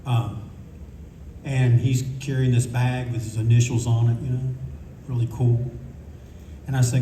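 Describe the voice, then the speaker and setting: A man's voice: mid-range voice, level tone, a little slow, long pauses, recorded from a distance, background noise. An older man telling rambling, candid stories on a convention panel, swearing freely as he goes. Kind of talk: casual anecdotal storytelling. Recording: echoey room recording from afar.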